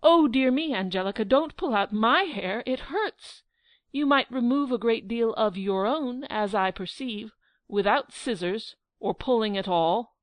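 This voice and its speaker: A woman's voice: mid-range voice, very animated, takes it slowly, no room sound. A woman playing a mocking young prince. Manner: mocking, laughing and indignant.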